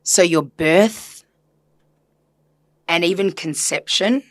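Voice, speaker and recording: A woman's voice: on the low side, slow pace, no room sound. A woman therapist talking earnestly and reflectively in a casual podcast conversation, chatty with filler words. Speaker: systemic therapist guest.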